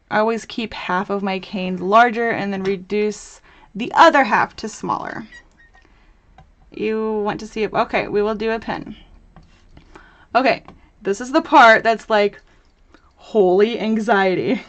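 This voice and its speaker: A woman's voice: on the high side, dull audio. Chatty young woman hosting a craft livestream. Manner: chatty and bubbly, reads chat aloud, laughs often. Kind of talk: live crafting tutorial chat.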